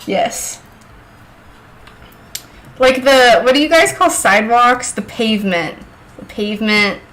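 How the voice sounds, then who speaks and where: A woman's voice: a little high, expressive, takes it slowly, a bit bright. A woman hosting a casual craft livestream, chatting with viewers and laughing often as she works. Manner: chatty, reads chat aloud, laughs often. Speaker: livestream host. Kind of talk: casual chat while crafting.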